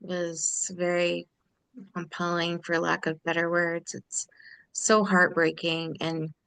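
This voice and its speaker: A woman hosting a podcast interview, speaking in a measured and sympathetic way. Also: on the low side, flat delivery, vocal fry, fairly bright tone, clear, resonant tone, no room sound, poor audio. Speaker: podcast host. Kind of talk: interview conversation.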